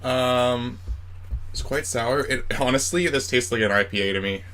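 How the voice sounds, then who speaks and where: A man's voice: mid-range voice, moderate pace, fairly bright tone. A man co-hosting a casual beer review, talking in a playful, rambling, joking way. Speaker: co-host of a beer review show. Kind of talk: casual chat.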